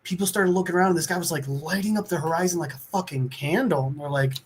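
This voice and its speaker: High-voiced man rambling through a recap. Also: fast talker, breathy edge. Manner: rambling, profane, filler-heavy, acts out quotes. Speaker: podcast co-host. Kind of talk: casual comic book recap.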